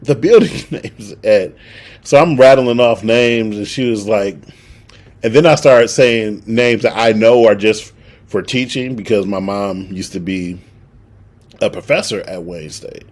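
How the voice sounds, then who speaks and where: A man's voice: on the low side, unhurried. A young man, casually telling a story on a podcast and acting out the quotes. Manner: animated storyteller, acts out quotes. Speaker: podcast co-host.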